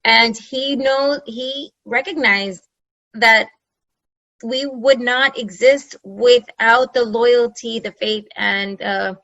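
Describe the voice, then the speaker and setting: A woman hosts a webinar in an effusive, enthusiastic way, stacking up phrases for emphasis. Her voice is bright and forceful and sits a little high. The sound is dry and close, from a video-call microphone. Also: no echo, dull audio. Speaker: webinar host. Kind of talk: presenting a webinar.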